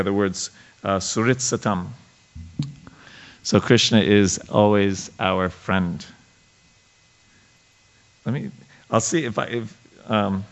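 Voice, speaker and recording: Gravelly, halting male class leader. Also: lowish voice, highs cut off. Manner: halting, with frequent fillers and restarts; reads scripture passages aloud and explains them. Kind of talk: scripture study class with reading and commentary.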